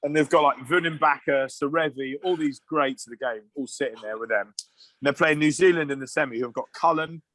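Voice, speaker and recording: A man's voice: fairly high pitch, a little fast, a bit bright. A man in his thirties, a former rugby player, telling self-deprecating stories as a podcast guest over a video call, with frequent laughs. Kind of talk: casual anecdote on a podcast.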